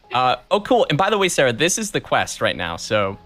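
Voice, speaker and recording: A man's voice: mid-range voice, fairly bright tone. Giggly rambling man chatting over his game. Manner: giggly, rambling, self-interrupting. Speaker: voice actor playing his game. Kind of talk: casual let's-play chat.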